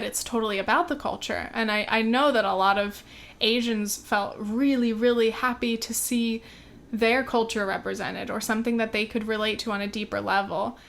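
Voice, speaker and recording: A woman's voice: a little high, fairly bright tone, slight background noise. A young woman from America hosting a podcast, chatting candidly with lots of fillers and the odd swear word. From United States. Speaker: podcast host. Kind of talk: casual solo podcast chat.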